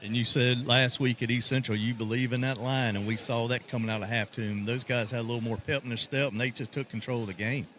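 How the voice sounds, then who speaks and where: A man's voice: medium pitch, fairly even intonation, fast, hardly any pauses, fairly bright tone, slight background noise. A man working as a sideline reporter, upbeat and conversational, interviewing a coach on an outdoor football field. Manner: upbeat, conversational, fills in stats.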